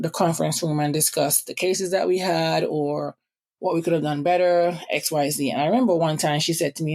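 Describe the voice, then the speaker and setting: A young woman from the Caribbean with a Caribbean accent, hosting a motivational podcast and talking fast with quick asides. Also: deep voice, gravelly, darkish tone. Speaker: podcast host.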